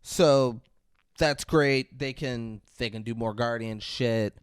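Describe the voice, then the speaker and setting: A man with a mid-range voice, a podcast co-host riffing in casual chat. He tells stories in a lively, swearing way, and the sound is dry and close. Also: medium pitch, slow pace, smooth, dry recording. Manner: animated, profane storytelling.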